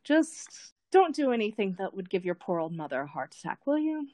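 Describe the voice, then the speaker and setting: A woman voicing a loving, proud mother saying goodbye to her grown child, speaking gently and stumbling over repeated words. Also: medium pitch, sing-song, no echo, studio quality, lightly acted. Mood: tender. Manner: gentle, a little halting with repeats.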